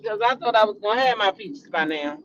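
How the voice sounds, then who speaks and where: Animated woman dishing gossip, lo-fi sound. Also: mid-range voice, a little fast, slight background noise. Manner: animated, dramatic, chatty, addresses viewers as y'all. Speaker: vlogger, show host. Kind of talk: casual celebrity gossip chat. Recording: dull lo-fi recording.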